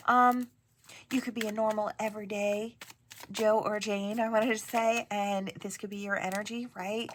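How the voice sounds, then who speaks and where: A woman talks her viewers through a tarot reading in a soft, meandering way. She keeps circling back with "right?" and "I wanna say". Her voice sits at a middling pitch. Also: flat delivery, moderate pace, a little hiss or hum. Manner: gentle, rambling, frequent "right?" and "I wanna say". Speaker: tarot reader.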